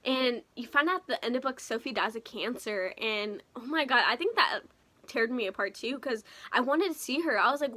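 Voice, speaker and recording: Young woman, casual book vlogger, bright tone, emotional and gushy. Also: on the high side, expressive, a little fast. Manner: gushing and emotional, many fillers and exclamations. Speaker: book reviewer. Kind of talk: casual book review vlog.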